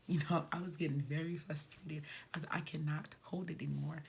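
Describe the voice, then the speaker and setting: A woman's voice: low voice, fairly even intonation, fast, gravelly, slight background noise. A woman vlogger telling a personal story in a casual, conversational way, sometimes dropping to a near whisper.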